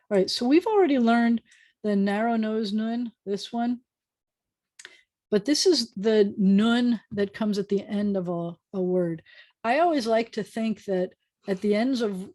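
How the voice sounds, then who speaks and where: A woman's voice: medium pitch, dark tone. A woman rabbi teaching a beginners' Hebrew class over a video call, chatty and often correcting herself as she draws the letters. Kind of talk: online class lesson.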